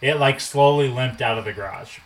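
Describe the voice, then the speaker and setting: A man in his twenties telling a casual, animated story, swearing and acting out what people said. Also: medium pitch, a little fast, poor audio. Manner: animated, swears, acts out quotes.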